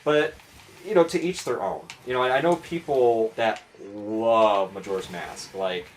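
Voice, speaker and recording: A man's voice: lowish voice, a little slow, a little hiss or hum. A man with a Chicago accent rambling casually as he comments on his gameplay. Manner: rambling, chatty, self-mocking. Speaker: gaming streamer.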